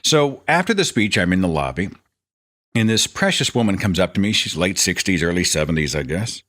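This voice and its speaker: A man's voice: low-pitched, very animated, a little fast, fairly bright tone. A man hosting a podcast, telling rambling, self-deprecating stories in a casual stream-of-consciousness monologue. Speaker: podcast host.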